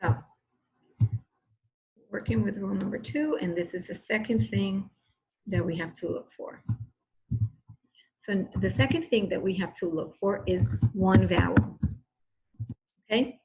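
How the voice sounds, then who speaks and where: A woman's voice: mid-range voice, measured pace, long pauses, dull audio. A woman teacher giving a recorded grammar lesson, patient and repetitive, often checking in with "okay?".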